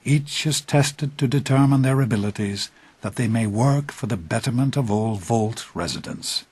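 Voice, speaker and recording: A man playing a husky, earnest vault dad. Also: medium pitch, normal speed, no room sound, close to an everyday voice. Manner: earnest, fatherly, soft-spoken. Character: calm middle-aged vault father, earnest.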